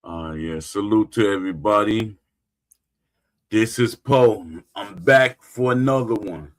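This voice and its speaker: A man's voice: lowish voice, measured pace. A man hosting his own gaming talk stream, speaking emphatically and repeating his points, often restarting his sentences. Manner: emphatic and repetitive, circling back to points. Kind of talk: casual livestream rant.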